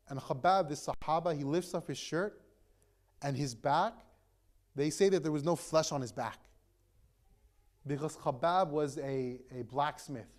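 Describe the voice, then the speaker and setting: A man's voice: medium pitch, moderate pace, a little mellow. A young man in the role of an imam, telling a story in a casual sermon with frequent "right?" and "like" fillers. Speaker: imam giving a talk.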